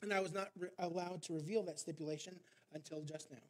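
Man doing a persistent auctioneer, high voice, pressing questions. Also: steady tone, fast talker, close to an everyday voice. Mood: calm. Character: male auctioneer, insistent and persistent.

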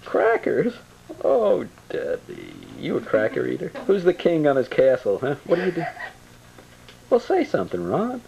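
A man's voice: a little high, huge pitch swings, moderate pace, gravelly, crowd noise, rough recording. A man filming home movies, teasing and chatting with his young children from behind the camera. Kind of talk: casual family home-movie banter.

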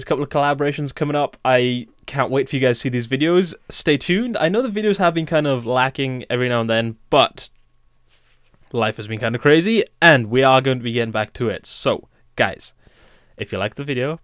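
A man's voice: mid-range voice, clear, resonant tone, no echo, clean studio sound. Rambling young man narrating his gameplay. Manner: rambling, thinks aloud and talks to himself while building. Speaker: let's play host. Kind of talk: casual gameplay commentary.

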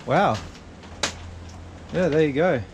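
A man's voice: mid-range voice, normal speed, dull audio. A man filming a travel vlog outdoors on a village farm, chatting casually and asking curious questions. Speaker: travel vlogger. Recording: noisy outdoor camera audio.

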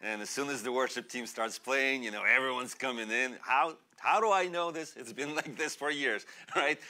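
A young man born in Russia, a pastor preaching a sermon in a church, animated and chatty, laughing often and using many fillers. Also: on the high side. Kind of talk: sermon with personal storytelling. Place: church sanctuary.

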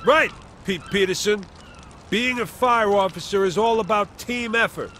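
A pompous cartoon fire chief barks orders at recruits. His voice sits very high and bright, with a faint hiss of background noise. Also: moderate pace. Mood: bossy. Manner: pompous and bossy. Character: bossy jolly male fire chief. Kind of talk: animated cartoon voice acting.

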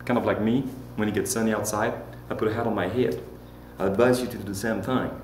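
A man's voice: fairly low pitch, fairly even intonation, fast, a little mellow. A man teaching a lesson, playful and joking, leading repeat-after-me drills. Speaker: Spanish teacher. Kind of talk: classroom lesson. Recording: roomy echo with faint hum.

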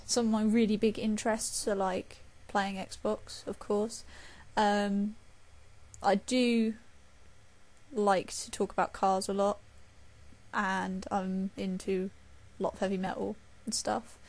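A woman's voice: medium pitch, little pitch movement, takes it slowly, a little mellow. A young woman, chatting casually and raging while she plays a shooter game. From England. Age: young adult. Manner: chatty, swears and rages at the game. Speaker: gamer. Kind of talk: casual gameplay commentary.

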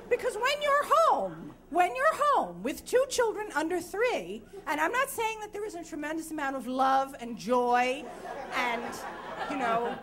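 A woman's voice: high voice, background noise. A woman in her thirties telling a frank, self-deprecating comic story on stage before a live audience, sounding sleep-deprived.

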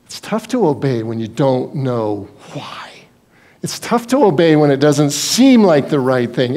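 A pastor gives a sermon in a fairly high male voice. He tells the stories with energy and acts out the people in them. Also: darkish tone. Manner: storytelling, acts out Bible scenes in quoted voices.

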